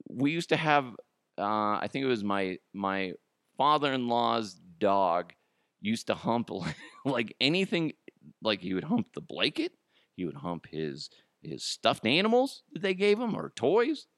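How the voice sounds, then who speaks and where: A man's voice: medium pitch, very animated, measured pace, fairly bright tone, dry recording, clean studio sound. A man hosting his solo podcast, ranting profanely and laughing at his own jokes. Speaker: podcast host.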